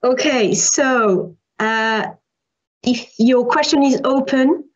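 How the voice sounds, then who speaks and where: A woman's voice: high voice, takes it slowly, highs cut off. A female university lecturer giving an online French lesson, explaining patiently with examples and repeating key points.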